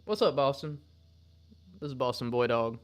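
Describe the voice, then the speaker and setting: Laid-back man rambling about guitar to camera, slangy, mid-pitched, faint guitar behind. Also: normal speed. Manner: relaxed and rambling, slang-filled, coos at his dog. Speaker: guitarist and vlogger. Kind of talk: casual chat to camera.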